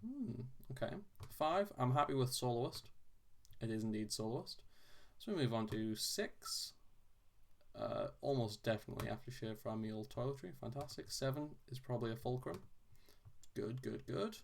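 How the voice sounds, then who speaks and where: A man solving a crossword on video, thinking aloud in a casual, halting way with frequent restarts and self-deprecating asides. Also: medium pitch, lively intonation, gravelly.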